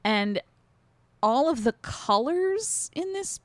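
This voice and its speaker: A woman's voice: sits high, slow, no echo. Woman podcast cohost, laid back movie chat, lots of likes and ums, dry close sound. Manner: relaxed, talks in loose run-on thoughts with many fillers. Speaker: podcast co-host. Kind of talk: casual movie discussion.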